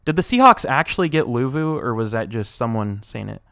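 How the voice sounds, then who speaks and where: A young man streaming live, reading chat aloud and reacting, swinging from low mumbles to loud outbursts, his voice wearing out. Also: animated, fairly quick, vocal fry, clear, resonant tone, no room sound, studio quality.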